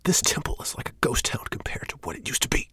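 A man's voice: mid-range voice, animated, normal speed, fairly bright tone, breathy edge, dry recording, clean studio sound, voice pushed up, heavily acted. A man voicing an agitated, defiant male priest who argues heatedly and slips into raised whispers. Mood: heated defiance.

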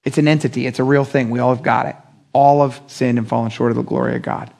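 A young adult man preaching a casual midweek sermon, talking in an animated, conversational way with slang and acting out the voices he quotes. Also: mid-range voice, fast, creaky. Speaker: pastor.

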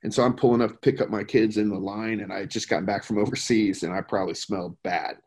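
A man's voice: fairly low pitch, steady tone, fast, darkish tone, slightly rough. A middle-aged man from the United States talking casually and earnestly, emphatic and rambling with restarts. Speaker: podcast guest, veteran who worked overseas. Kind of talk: casual conversation.

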